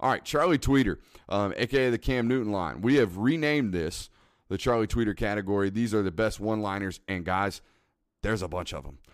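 A man with a fairly low voice co-hosts a loose, joking chat about a sports movie. He gets animated and laughs as he quotes favorite lines. The sound is dry and close, with little room in it. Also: fairly quick, no echo. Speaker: podcast co-host.

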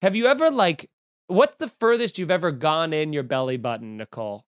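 A man's voice: a little high, animated, a little fast, smooth, no echo, studio quality. A man hosting a podcast, riffing in a casual, profane stream of consciousness. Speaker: podcast host. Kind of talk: casual rambling chat.

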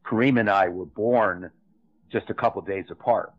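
A man's voice: on the low side, moderate pace. An older man, a film director, telling rambling, chatty stories with many asides in an interview. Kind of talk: anecdotal interview storytelling. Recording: tinny phone-like remote line.

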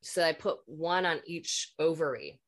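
Low-voiced woman, frank and swearing. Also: steady tone, measured pace. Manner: frank, swears freely, rambling. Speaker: podcast guest; energy healer. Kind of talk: candid personal storytelling.

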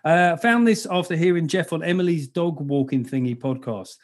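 A sweary man hosts a comedy podcast, rambling through jokes in a relaxed, chatty way. His voice sits a little higher than most men's, and he talks freely with his co-host. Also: moderate pace. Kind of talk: casual comedic chat.

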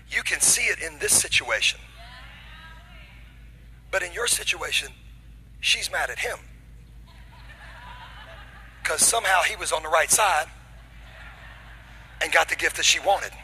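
A man preaching a sermon to his congregation in a church, building to shouted climaxes and bantering playfully with the people in the pews. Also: on the high side, poor audio. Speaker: pastor. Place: church auditorium.

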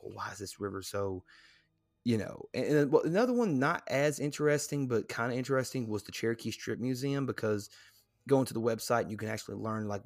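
A man's voice: on the low side, no echo, studio quality. A man co-hosting a casual podcast, loose and rambling with many fillers and restarts. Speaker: podcast co-host.

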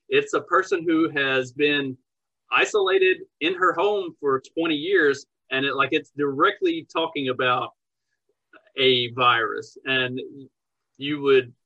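A man's voice: fairly high pitch, sharp tone, dull audio. A man who is a parent, talking casually on a podcast, blunt and profane, who gets heated and angry as he talks. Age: parent of young children.

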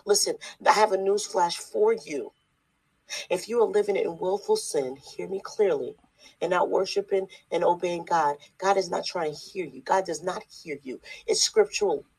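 Husky, blunt online preacher. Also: mid-range voice, normal speed, a little mellow, poor audio. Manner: emphatic and repetitive, with rhetorical questions; blunt, scolding. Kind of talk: preaching video.

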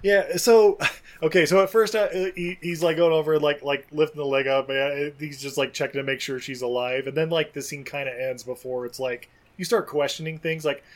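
A man's voice: a little high, steady tone, brisk. A man hosting a casual chat about a film, rambling loosely, laughing often and swearing.

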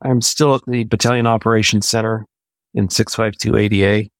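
An American man in his sixties, an Army veteran, telling stories from his service in a measured, anecdotal way. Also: fairly low pitch, little pitch movement, dry recording. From United States. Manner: measured, anecdotal, with occasional restarts. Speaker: interview guest, Army veteran. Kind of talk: conversational storytelling.

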